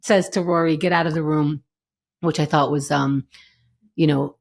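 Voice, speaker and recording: A woman's voice: low-pitched, fairly even intonation, moderate pace, vocal fry. A woman co-hosting a podcast, chatting casually and animatedly retelling TV scenes, slipping into characters' lines. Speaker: podcast co-host. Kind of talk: casual chat recapping a TV episode.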